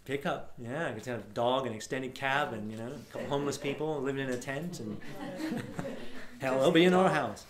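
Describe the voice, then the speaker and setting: A man giving an energetic, casual storytelling talk to a live audience at an event. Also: medium pitch, normal speed, crowd noise. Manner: energetic, casual, swears now and then. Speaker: workshop speaker. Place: large room at a live event. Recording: echoey room sound.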